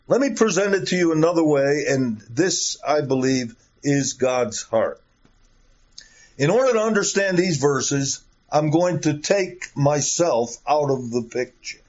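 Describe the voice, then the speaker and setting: Slow, emphatic male preacher on a dull recording. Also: on the high side, animated, darkish tone. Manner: emphatic, with rhetorical questions and repeated phrases. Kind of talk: sermon.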